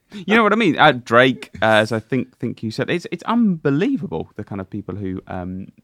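A man co-hosting a podcast, chatting casually in an animated, teasing way. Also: medium pitch, normal speed, no echo, studio quality. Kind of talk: casual chat.

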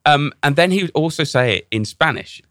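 A man's voice: a little high, lively intonation, a little fast, sharp tone, dry recording, clean studio sound. A man hosting a casual chat, telling a story animatedly with lots of restarts.

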